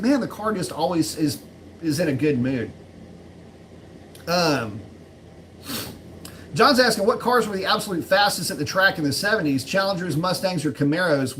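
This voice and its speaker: A man's voice: on the high side, a bit bright, a little hiss or hum. Rambling, frank live-chat man. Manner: rambling, frank, with many fillers and restarts. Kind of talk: casual live chat answering viewer questions.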